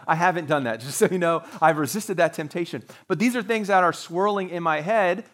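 A man's voice: on the high side, a bit bright. A man preaching a sermon to his congregation as pastor, talking in a conversational way with joking asides. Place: church sanctuary, live-streamed service.

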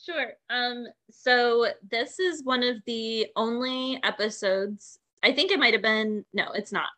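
Bright-voiced woman co-host, choked up. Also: fairly high pitch, measured pace. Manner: soft-spoken, choked up. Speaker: podcast co-host. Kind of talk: casual recap chat.

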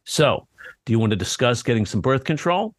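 A man chatting on a podcast in a middle-pitched voice, rambling and padding his points with fillers. He slips into acted-out snippets of dialogue as he goes. The sound is dry and close. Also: sing-song, fairly quick, no room sound. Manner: rambling, filler-heavy, acts out quoted dialogue. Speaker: podcast co-host. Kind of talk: casual chat.

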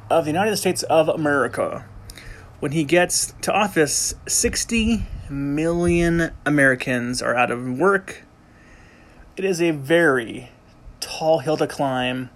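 A man giving a casual, unscripted history explainer, rambling and joking with frequent restarts and self-corrections. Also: a little high. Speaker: amateur history presenter.

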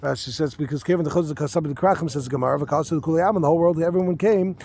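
Leading a Talmud lesson, he rattles off Aramaic phrases in short bursts, then explains them in relaxed English, posing rhetorical questions along the way. His pitch is fairly high and his tone darkish.

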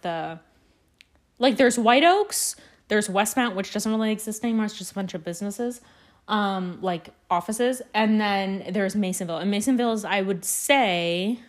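A young woman from Canada telling rambling stories on her solo podcast, swearing often and poking fun at herself. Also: mid-range voice. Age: young adult. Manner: rambling, swears a lot, self-deprecating. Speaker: podcast host. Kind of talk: casual solo podcast storytelling.

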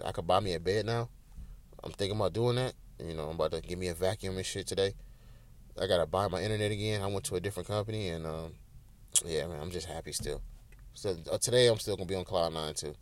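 A man's voice: sits low, quick pace. A man hosting a solo podcast in casual, emotional, rambling talk with lots of swearing, recorded in a small home room. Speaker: podcast host.

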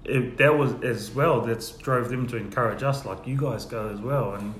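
A man shares church testimonies in a relaxed storytelling way and dips quietly into the voices of the people in his story. The room sounds echoey, with a faint hum of ambient noise behind him. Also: medium pitch, normal speed. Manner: storytelling, acts out quoted dialogue softly. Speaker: guest sharing testimonies. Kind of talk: casual church testimony chat.

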